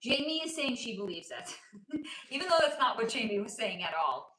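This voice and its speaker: This woman's voice is on the high side, sing-song, bright and forceful, at a moderate pace, recorded in low quality in an echoey room with slight background noise. She's a spiritual reader hosting a relaxed livestream at home near her child, playfully answering and teasing viewers while laughing frequently.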